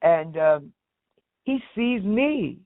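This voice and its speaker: A woman from the United States, a singer interviewed as a guest, telling a long story in a lively way and acting out the voices of the people she quotes. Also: fairly low pitch, extremely slow, no room sound. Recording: tinny phone-like line, dry.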